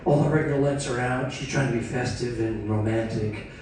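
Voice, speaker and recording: A man's voice: medium pitch, steady tone, fairly quick, a little mellow. A man doing stand-up comedy, self-deprecating and chatty with the crowd. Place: cruise ship theater. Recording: echoey hall, distant mic, audience noise.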